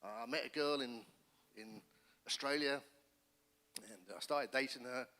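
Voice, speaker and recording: A middle-aged man, a pastor, giving his testimony in church with earnest, animated storytelling. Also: medium pitch, a little slow. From England. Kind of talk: personal testimony sermon. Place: church hall. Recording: long church hall reverb.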